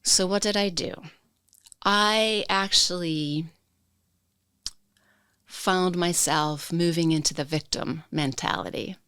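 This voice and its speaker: A woman podcast guest telling a personal story in a slow, reflective way, reliving the emotions. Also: on the low side, fairly bright tone, smooth, dry recording, studio quality.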